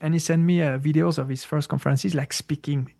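A man speaking English as a second language, explaining spiritual ideas in a casual, halting way with many fillers and searches for words. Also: fairly high pitch, steady tone, gravelly, dark tone. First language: not English. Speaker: spiritual teacher. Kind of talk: casual conversational talk.

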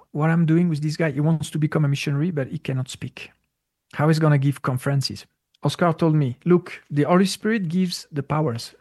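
A man speaking English as a second language, explaining spiritual ideas in a casual, halting way with many fillers and searches for words. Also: a little high, darkish tone. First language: not English. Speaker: spiritual teacher. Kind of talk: casual conversational talk.

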